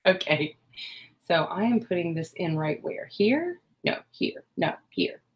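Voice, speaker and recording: A woman hosts a casual crafting livestream, talking slowly and easily as she counts stitches out loud. Her voice sits a little low, and she pokes fun at her own mistakes in a chatty, self-deprecating way. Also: sing-song.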